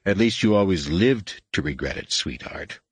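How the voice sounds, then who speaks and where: A man's voice: sits low, lively intonation, normal speed, husky, dry recording, full character voice. A man reading an audiobook, voicing a cocky veteran starship captain with a dry, laconic, almost bored delivery. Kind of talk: audiobook character voice.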